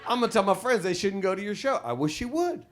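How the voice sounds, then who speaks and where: A man performing a crude stand-up comedy set on a club stage, telling ornery stories with sudden loud outbursts. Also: high voice, lively intonation, fast, background noise.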